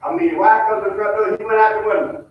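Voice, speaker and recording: A high-voiced man teaches a Bible study in a folksy storytelling way, talking right to the group. He sounds far from the mic in a very echoey church. The recording is dull and muffled. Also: expressive, quick pace, a little hiss or hum. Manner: folksy, talks to the group directly, mimics hollering.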